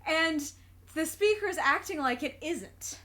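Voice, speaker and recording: A woman's voice: sits high, expressive, unhurried, bright, forceful tone. A woman giving casual spoken commentary for a reaction video. She talks earnestly, laughs often and circles back over her thoughts as she works them out.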